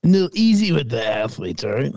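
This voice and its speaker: A man's voice: mid-range voice, very animated, quick pace, creaky, a little mellow, no echo. A man co-hosting a podcast in casual chat, wry and teasing, firing off questions. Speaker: podcast co-host.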